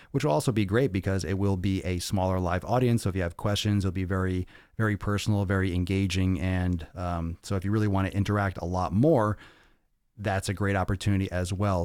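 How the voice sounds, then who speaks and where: A man's voice: deep voice, darkish tone, dry recording, studio quality. A man hosting a fitness podcast livestream, chatting casually, answering comments and cracking crude jokes. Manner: loose and profane, jokey, reads comments aloud. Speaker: podcast host.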